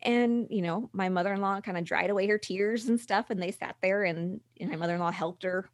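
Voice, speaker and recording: A middle-aged woman speaking candidly as a guest, halting and restarting, sometimes acting out what others said. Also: mid-range voice, dry recording, studio quality. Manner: candid, halting with restarts, acts out quoted voices. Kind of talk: conversational podcast interview.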